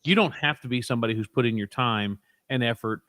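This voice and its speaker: A man's voice: mid-range voice, fast talker, fairly bright tone. A man co-hosting a talk radio show, building an argument point by point. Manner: building an argument, uses "you know". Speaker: radio co-host.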